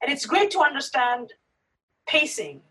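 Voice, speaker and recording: A woman with a high, bright-sounding voice that leaps all over the place as she talks. She chats casually and emphatically, acting out her own reactions. She sits a little back from the microphone. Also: unhurried, distant mic, rough recording. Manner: animated, emphatic, acts out reactions. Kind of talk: casual chat.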